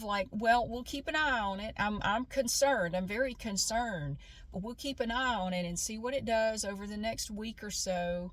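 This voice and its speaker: A middle-aged woman vlogger talking casually to camera, candid and thinking aloud, often repeating herself. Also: medium pitch. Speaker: YouTube creator.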